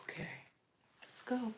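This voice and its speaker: A woman's voice: bright, forceful tone, reverberant. A woman giving a live tarot reading, chatting to her viewers in a loose, joking way and often breaking into laughter. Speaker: tarot reader.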